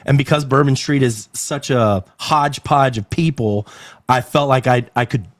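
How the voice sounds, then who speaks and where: A man talking as an interview guest in a club, animated and rambling, with many fillers and quick laughs. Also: medium pitch, dry recording, clean studio sound. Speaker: interview guest, actor and agency owner. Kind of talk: casual interview chat. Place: club venue indoors.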